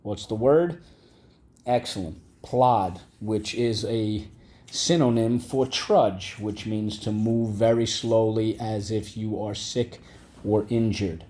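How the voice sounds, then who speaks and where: Speaking slowly in a warm, fairly low-pitched voice, a man teaches vocabulary and phonics. Patiently, he repeats every word and has the class echo it.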